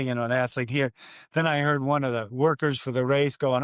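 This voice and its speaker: An older man, a race announcer, telling stories in a podcast interview, animated and acting out his own quotes. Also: medium pitch, a little fast, clear, resonant tone, no room sound, clean studio sound.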